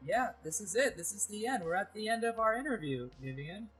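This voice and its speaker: A man's voice: high voice, very animated, fairly quick, loud music behind the voice, low-quality recording. A man hosting an interview show in a casual, playful way, making jokey, goofy asides as he wraps things up. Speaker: host.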